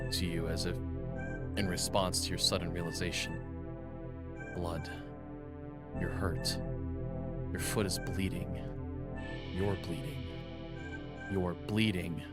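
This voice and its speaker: Deep voiced guy streaming a game from home, reads the story text out loud then swears at his setup to chat, game music going behind him. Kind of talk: live-stream game playthrough, reading story text aloud. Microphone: condenser mic on a boom arm. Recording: game music playing underneath.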